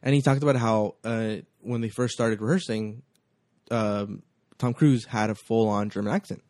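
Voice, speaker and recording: A man's voice: fairly low pitch, steady tone, moderate pace, a little mellow, no echo, studio quality. A man co-hosting a casual movie podcast, telling anecdotes with frequent ums and restarts. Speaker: podcast co-host.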